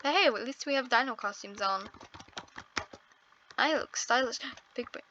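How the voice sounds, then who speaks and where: A woman's voice: fairly high pitch, normal speed, sharp tone, dull audio, a little hiss or hum. Nervous, apologetic young woman gaming. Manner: nervous, apologetic, exclaims and laughs often. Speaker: first-time gaming video creator. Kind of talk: casual gameplay commentary.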